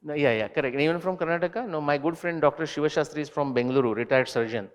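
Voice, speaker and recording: A man answering student questions at a university talk, animated and digressive, turning to quiz the audience directly. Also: on the high side, fast, clean tone, in a large hall. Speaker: invited speaker. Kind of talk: lecture Q&A with students. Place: university lecture hall.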